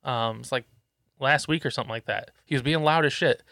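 A man's voice: medium pitch, a little fast, gravelly, bright, forceful tone, dry recording, studio quality. A man and parent chatting on a podcast, blunt and full of swearing, acting out how he scolds his son. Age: adult parent. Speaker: podcast co-host. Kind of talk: casual profane chat.

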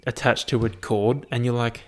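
A man's voice: mid-range voice, moderate pace. A young man, musing aloud in a casual, profane monologue full of fillers. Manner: profane, animated, thinks aloud with many fillers.

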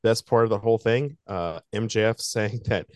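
Low, smooth-voiced man recapping wrestling. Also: normal speed, darkish tone, no echo, clean studio sound. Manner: laid-back, sarcastic recapping with fillers. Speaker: podcast co-host. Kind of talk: casual wrestling podcast chat.

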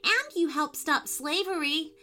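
Woman voicing a casual young girl, slow and high, storybook. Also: expressive, sharp tone, faint music behind, full character voice. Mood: easygoing. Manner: easygoing, shrugging.

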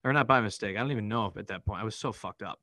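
A man's voice: lowish voice, pushed and bright, no echo, poor audio. Man telling a wild, profane story. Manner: profane, rapid-fire, vivid recounting. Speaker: podcast guest. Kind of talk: candid storytelling in an interview.

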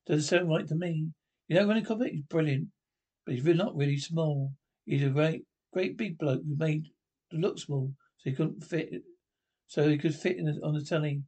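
A man's voice: on the high side, normal speed, darkish tone, husky. An actor playing a simple young man who rambles about how brilliant everything is, in a sketch comedy show. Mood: gushing. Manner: childlike enthusiasm, rambling.

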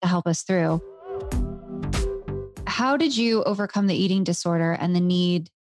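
A woman's voice: lowish voice, moderate pace, soft background music. A woman hosting a podcast, speaking in a reflective, earnest conversational way. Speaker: podcast host. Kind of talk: conversational interview.

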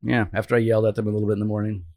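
A man's voice: lowish voice, rapid-fire, dry recording. A man in his forties chatting casually as a podcast co-host, teasing his friend and telling stories with lots of animation. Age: 40s. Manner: animated storyteller, teasing, acts out his own shouting. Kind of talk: casual chat.

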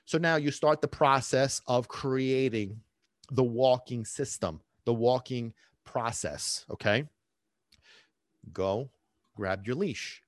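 A man with a medium-pitched voice hosts a dog-training podcast on his own, speaking frankly with swearing and quizzing his listeners playfully. He's lively, shifting from loud to hushed, and the recording is dry and studio quality.

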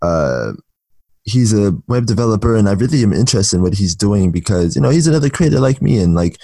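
A man hosting a podcast in a relaxed, chatty way, with a lot of fillers and a slightly rough morning voice. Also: fairly low pitch, a little fast, no room sound. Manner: laid-back, chatty with many fillers. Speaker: podcast host. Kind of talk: casual interview chat.

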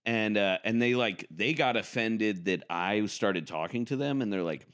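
A man's voice: fairly low pitch, normal speed, hardly any pauses, fairly bright tone. A man comedian guesting on a podcast, self-deprecating and laughing often while telling stories. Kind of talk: casual comedic podcast chat.

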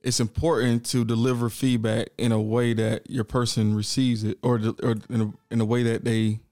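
A young male podcast co-host who talks thoughtfully and haltingly, often restarting his sentences. His voice sits at an average pitch, and the recording is dry with no room sound. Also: level tone, dark tone, no room sound. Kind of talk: casual chat.

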